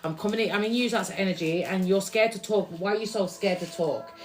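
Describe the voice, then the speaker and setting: A woman's voice: medium pitch, brisk, faint music behind. A woman giving a casual, rambling live tarot reading to her viewers, repeating herself and restarting her words as she goes. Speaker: tarot reader.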